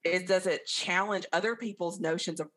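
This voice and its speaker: This woman's voice is on the low side, and she talks at a moderate pace with a Southern accent. Hailing from the American South, she's a guest in a casual interview, telling stories in a chatty, animated way.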